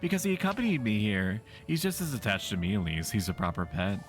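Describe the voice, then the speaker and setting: A man's voice: lowish voice, lively intonation, quick pace, faint music behind, lightly acted. A man voicing a sweet, cheerful young witch girl from a game who talks in a prim, old-fashioned way. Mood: doting.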